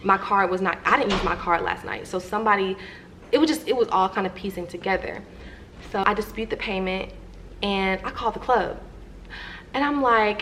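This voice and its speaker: A young woman speaks straight to her viewers, telling a story from her own life in a lively, chatty way. Her voice sits at an ordinary middle pitch for a woman. A faint hiss runs behind her. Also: moderate pace. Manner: animated, chatty storytelling that addresses viewers directly. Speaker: vlogger.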